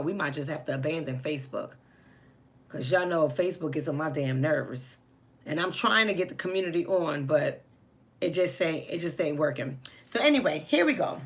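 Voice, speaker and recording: A woman with a New York accent hosting a live commentary stream, blunt and outspoken, talking straight to her chat. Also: deep voice. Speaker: livestream host.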